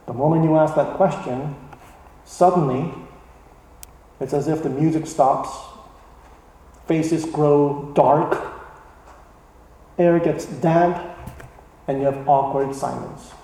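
Pastor guy preaching, gets animated and loud on key points, big roomy church echo. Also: on the high side, slow, pauses often. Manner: animated, voice rising for emphasis. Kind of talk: sermon. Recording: echoey church hall, mic at a distance.

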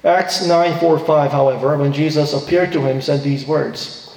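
A man's voice: fairly high pitch, steady tone, moderate pace, a little mellow. Preaching man in an echoey hall. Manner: earnest preaching with rising emphatic quotes. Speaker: pastor. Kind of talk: sermon. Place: church sanctuary. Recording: echoey hall, distant reverb.

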